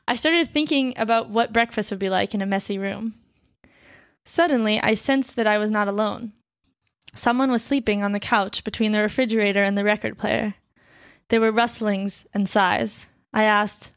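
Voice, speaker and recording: Creaky-voiced woman reading a story. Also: mid-range voice, fairly even intonation, moderate pace, dry recording, clean studio sound. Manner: reads steadily, then chats loosely with fillers and laughs. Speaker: reader of a story. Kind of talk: reading a translated story aloud with casual asides.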